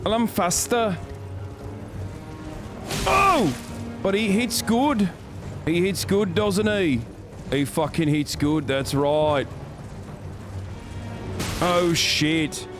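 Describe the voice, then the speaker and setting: A man's voice: high voice, lively intonation, drawn-out words, pauses often, music in the background, exaggerated voice. A man doing a cocky, constantly swearing Scouse lad voice while playing a game. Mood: frantic. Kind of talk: comic put-on voice while gaming.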